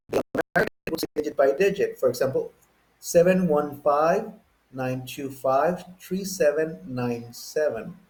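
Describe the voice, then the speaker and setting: A man with a Texan accent, from the Chihuahua and Texas border area, teaching an English coursebook lesson slowly and deliberately, counting item by item. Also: fairly high pitch, darkish tone, rough recording. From Chihuahua–Texas border region.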